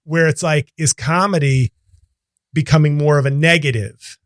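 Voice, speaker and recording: A man's voice: a little high, normal speed, no echo, studio quality. Laughing comedian host in his forties. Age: 40s. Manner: self-deprecating, laughing easily. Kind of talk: casual chat.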